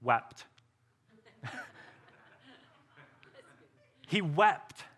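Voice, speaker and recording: A male pastor preaching a sermon earnestly, often dropping to a soft, slow voice for emphasis. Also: a little high, lively intonation, slightly rough.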